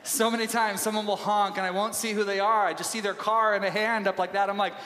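A man's voice: high-pitched, flat delivery, fast talker, sharp tone, slight background noise. A man preaching a sermon, telling stories in a conversational way with frequent restarts. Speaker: pastor. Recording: echoey church hall reverb.

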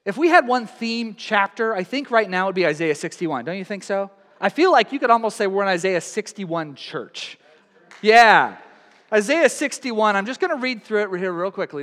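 A man preaching a sermon as pastor, telling a personal story in an animated, emotional way. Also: high-pitched, normal speed, in a large hall.

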